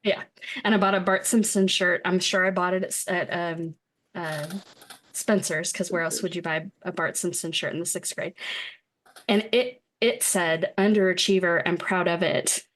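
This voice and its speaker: A woman's voice: fairly low pitch, fairly even intonation, normal speed, a bit bright. Chatty middle-aged woman, laughs often. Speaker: podcast co-host. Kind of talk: casual film discussion.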